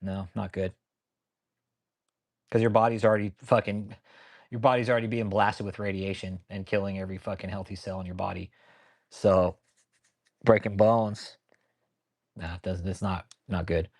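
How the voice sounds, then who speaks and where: A man's voice: sits low, little pitch movement, moderate pace, pauses often, darkish tone. A man hosting a casual commentary stream, talking bluntly and profanely in a rambling way and answering viewers by name. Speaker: channel host.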